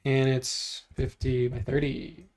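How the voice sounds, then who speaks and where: A man hosting a livestream, chatting casually and thinking out loud as he builds 3D models, joking and teasing himself along the way. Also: mid-range voice, flat delivery, slow pace. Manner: joking, self-deprecating, thinks out loud while clicking. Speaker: livestream host modeling in 3D software. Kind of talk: casual livestream chat while working.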